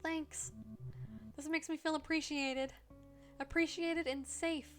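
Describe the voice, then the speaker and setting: A woman's voice: high voice, fairly even intonation, takes it slowly, soft background music. A woman voicing a cheerful, loyal male hellhound dog in a game, reading his lines eagerly.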